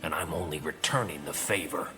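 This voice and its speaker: A man's voice: extremely low pitch, brisk, pushed and bright, soft background music. A man voicing a bitter, cruel male orc butcher in a video game, speaking in a menacing, sneering way. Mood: bitter, scornful.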